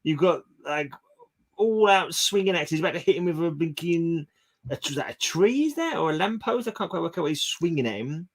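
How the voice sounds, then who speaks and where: A man's voice: on the high side, animated, brisk. A man, chatting casually and jokily as a comic collector co-host and often restarting mid-sentence. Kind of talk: casual chat.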